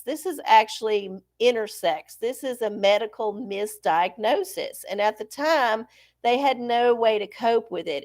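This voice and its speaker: Lady chatting on a live stream, kinda high voice, swears a lot, talks blunt and rambly. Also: darkish tone. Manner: chatty, blunt and profane, with drawn-out asides. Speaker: host of a live oracle stream. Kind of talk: casual livestream chat.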